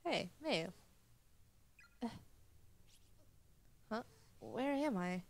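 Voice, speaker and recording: A woman's voice: fairly high pitch, lively intonation, slow pace, long pauses, darkish tone. Young woman reading a game aloud. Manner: reads all characters in her own voice, lightly acted. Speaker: let's play gamer.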